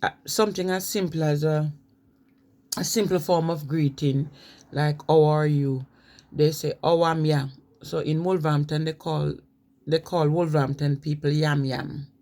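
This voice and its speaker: A woman's voice: low-pitched, steady tone, moderate pace, dark tone. A woman talks casually about how people speak in different places. She spells words out letter by letter and slips into imitations of the local pronunciations. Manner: spells words out letter by letter and mimics regional accents. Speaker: vlogger. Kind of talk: casual explainer on accents.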